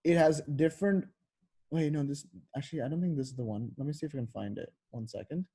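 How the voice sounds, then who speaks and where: A man tutors in an easy, offhand way. His voice is mellow and a little husky. He leans on fillers like "like" and "um" and often restarts his sentences while he explains. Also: fairly high pitch, fast. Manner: loose, filler-heavy explaining with frequent self-corrections. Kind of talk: casual online tutoring.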